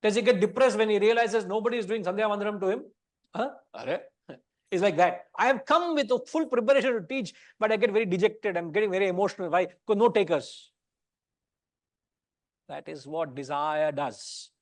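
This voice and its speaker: High-voiced Indian man teaching a class. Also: a little fast, dry recording. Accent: Indian English. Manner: conversational, teasing, mixes in Indian words. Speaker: Gita teacher. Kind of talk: lecture to a study class.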